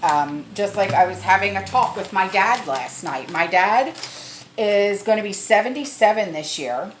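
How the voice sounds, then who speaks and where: A middle-aged woman, a prepping vlogger, chats casually to camera in a mid-range voice with lively intonation at a moderate pace, repeating herself and laughing now and then. The room is echoey, with slight background noise.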